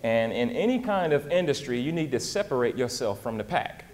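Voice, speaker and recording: A man giving a live motivational talk in an animated, folksy way, often dropping in casual asides to the crowd. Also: medium pitch, a little fast, big-room sound. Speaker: motivational speaker and singer.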